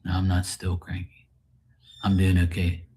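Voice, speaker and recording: A man casually chatting on a livestream, answering viewers' comments in a rambling way and often clearing his throat. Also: low voice, completely flat delivery, normal speed, mellow, a little hiss or hum. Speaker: livestream host.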